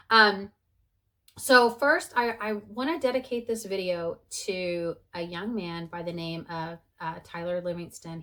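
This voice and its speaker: A woman's voice: medium pitch, fairly bright tone. A woman in her forties, talking in a heartfelt personal vlog, chatty and earnest, with many fillers. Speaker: vlogger sharing her conversion story.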